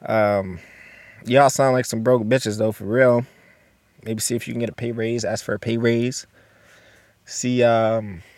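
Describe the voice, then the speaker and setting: A young male podcast host rambles through his thoughts, blunt and heavy on profanity and fillers. His voice sits in an ordinary middle pitch. The sound is dry and close, with no room echo. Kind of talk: solo podcast commentary.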